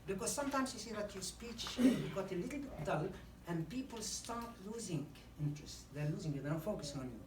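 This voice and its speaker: A woman's voice: mid-range voice, expressive, brisk, noisy background. A woman teaching a public speaking workshop to a live group, acting out examples as she goes and often saying "you know". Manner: demonstrative, acts out examples, frequent "you know". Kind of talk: instructional talk to a live group. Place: meeting room. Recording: roomy echo, distant mic, faint ambience.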